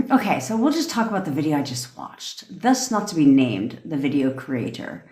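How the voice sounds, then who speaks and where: Woman, deep voice, sarcastic swearing rant, live-stream coach. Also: sing-song, normal speed, a little mellow, roomy sound. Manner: profane, sarcastic ranting. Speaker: manifestation coach. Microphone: phone.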